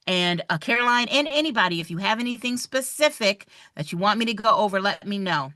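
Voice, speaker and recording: A woman, running a live online review for a real estate exam, chatty and animated as she talks straight to her viewers. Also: medium pitch, brisk, hardly any pauses, no echo, clean studio sound.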